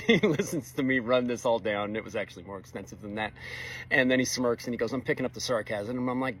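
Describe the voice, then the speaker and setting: A middle-aged man delivers a blunt, exasperated monologue, fast and preachy. His voice sits at an ordinary middle pitch. A faint hum of background noise runs underneath. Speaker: fabricator welder. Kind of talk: casual opinion monologue.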